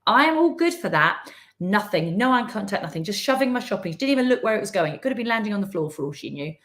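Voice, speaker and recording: Animated woman telling a story. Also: medium pitch, quick pace. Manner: animated storytelling with quoted voices. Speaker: business coach. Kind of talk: live-streamed business talk.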